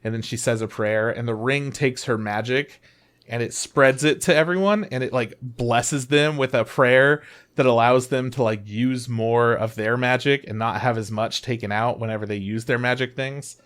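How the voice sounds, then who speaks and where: A man's voice: mid-range voice, fairly even intonation, moderate pace, a bit bright. A man co-hosting a podcast, casually retelling anime plots with lots of swearing and filler words. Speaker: podcast co-host. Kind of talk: casual chat about anime.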